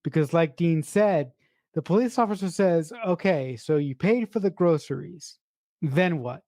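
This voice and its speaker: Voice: mid-range voice, a little slow, mellow, no echo, clean studio sound. A podcast co-host enthusiastically retelling film scenes, with casual swearing. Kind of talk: casual movie review chat.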